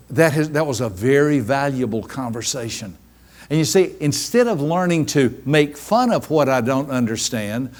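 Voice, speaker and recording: A man, a business coach telling stories to a seminar audience and acting out the voices of people in them. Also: medium pitch. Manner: animated, acts out quoted voices. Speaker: business coach giving a training. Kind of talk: live seminar storytelling.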